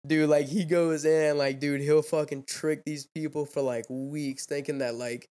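A man's voice: fairly high pitch, level tone, moderate pace, dark tone. A young man, hosting a podcast and chatting casually, rambling and swearing with constant fillers. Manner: rambling, profane, fillers "dude" and "like". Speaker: podcast host. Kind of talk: casual chat.

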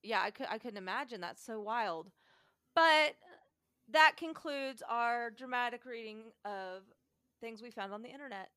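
A woman reads a long internet post aloud on her podcast. Her telling is casual and animated, with frequent laughs and sudden changes of pace. Her voice is mid-pitched and the recording is dry and close. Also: normal speed, no room sound. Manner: animated, laughs often, shifts pace while reading. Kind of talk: casual dramatic reading.

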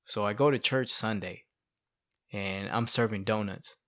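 A man's voice: on the low side, unhurried, dry recording, clean studio sound. A middle-aged man telling his life story in casual chat, acting out what people said and saying "you know" and "bro" a lot. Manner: animated, acts out quotes, fillers like "you know" and "bro". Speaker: guest sharing testimony.

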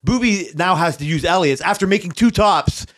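A man's voice: high-pitched, moderate pace. A man co-hosting a podcast, telling a work story in a casual, profane way, acting out his coworkers' lines. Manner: swears often, animated retelling with voices for coworkers. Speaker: podcast co-host.

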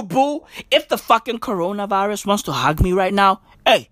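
A woman's voice: medium pitch, lively intonation, normal speed, fairly bright tone, dry recording, studio quality. A woman delivering a profane comic rant, full of slang, swearing and emphatic repeats. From South Africa.

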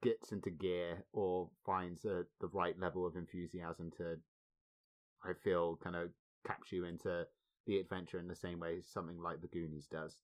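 A man co-hosting a film podcast, speaking in a measured way and chuckling often. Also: sits low, flat delivery. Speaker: podcast co-host. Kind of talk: casual film discussion.

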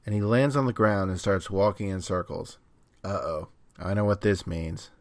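A man's voice: lowish voice, normal speed, a little mellow, no room sound. A man co-hosting a podcast, recapping an episode in a casual, wry way. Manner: wry, narrates plot in detail. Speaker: podcast co-host.

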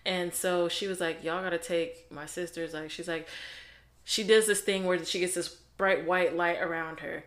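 Low-voiced woman retelling a story. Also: normal speed. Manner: animated storytelling, acting out characters' lines. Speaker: book review podcast co-host. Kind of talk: casual chat.

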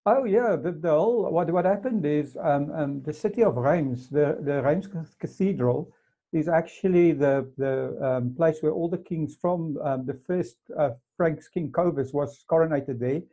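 Male interviewer, soft mellow voice, muffled lo-fi mic, hesitant and explanatory. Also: on the high side, unhurried. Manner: explanatory, hesitant with many fillers. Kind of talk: casual interview chat. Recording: dull lo-fi sound.

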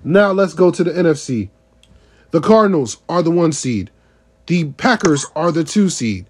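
A man with a fairly high voice co-hosts a casual sports podcast. He works through his points methodically, reading off one item after another. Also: big pitch swings, moderate pace, slight background noise. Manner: methodical, runs through lists step by step. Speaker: podcast co-host.

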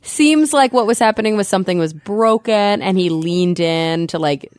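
A woman co-hosting a science podcast, telling a story in a chatty, animated way with fillers. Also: medium pitch, normal speed, no room sound, studio quality. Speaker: podcast co-host. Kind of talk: casual science chat.

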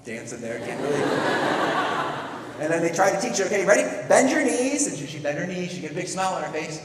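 Middle-aged guy preaching, bit high voice, echoey hall, sounds far from the mic, faint rumble. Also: fairly quick. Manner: animated storytelling with playful acted quotes. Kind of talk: sermon.

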